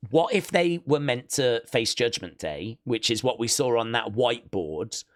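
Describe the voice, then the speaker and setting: A man's voice: medium pitch, expressive, unhurried, no room sound, studio quality. Guy rambling about clips, lots of ums, laughs a bit. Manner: chatty, laughs often, lots of fillers. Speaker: wrestling news host. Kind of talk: casual chat reacting to clips.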